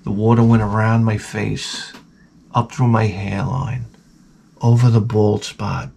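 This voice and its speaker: A man hosting a comedy podcast, telling crude stories in a rambling, profane, deadpan way. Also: on the low side, takes it slowly, creaky, slight background noise. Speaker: podcast host.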